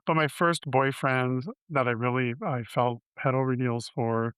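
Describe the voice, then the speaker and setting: A man in his fifties shares his life story as an interview guest, with a smooth, resonant voice at a middling pitch. He talks candidly, stopping and restarting as he works through his memories. The recording is dry and close, with no room sound. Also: steady tone, fairly bright tone, no room sound. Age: 50s. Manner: candid, halting, with frequent restarts.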